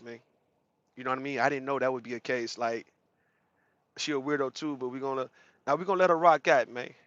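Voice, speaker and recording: Streamer type: blunt, profane man, higher-pitched and punchy, dry close sound. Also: pushed and bright, no echo, lo-fi sound. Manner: blunt, slangy and profane, greets chatters mid-rant. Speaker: livestream host. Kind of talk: casual livestream talk to chat viewers.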